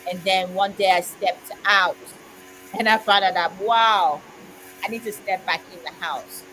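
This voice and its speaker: A woman's voice: mid-range voice, measured pace, sharp tone, a little hiss or hum, rough recording. A woman in casual chat, telling a heartfelt personal story in an earnest way with frequent "you know"s. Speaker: co-host of a community chat stream.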